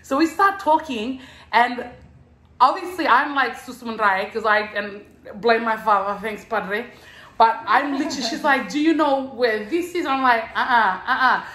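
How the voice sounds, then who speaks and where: A woman's voice: on the high side, animated, moderate pace, a bit bright. A woman hosting a casual chat at home, telling stories in a bubbly way and acting out what people said with laughter. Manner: bubbly storyteller, acts out quotes with laughter. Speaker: host. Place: house, indoors. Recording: echoey room.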